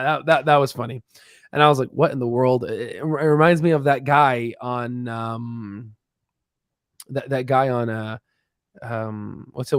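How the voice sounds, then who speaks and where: On a casual stocks livestream, the host yawns and drifts, constantly restarting and filling gaps with filler words. His medium-pitched voice is clean in tone, recorded in a studio with no echo.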